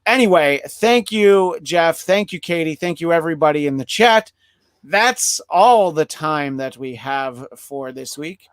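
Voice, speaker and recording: A man's voice: on the high side, lively intonation, unhurried, clean tone, no room sound. A man hosting a podcast in casual chat, rambling and jokey, with lots of fillers and restarts. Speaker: podcast host. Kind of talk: casual chat, wrapping up a live show.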